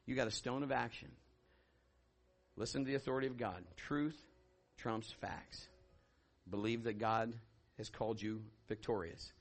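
A man preaching a sermon, swinging from loud shouted declarations to low hushed storytelling. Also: steady tone, moderate pace, vocal fry. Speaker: pastor.

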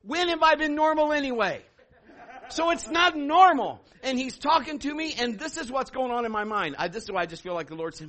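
A male pastor preaching a sermon, telling a story in an animated way and acting out what people said. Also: very high voice, a little fast. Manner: animated, laughing, acting out quotes.

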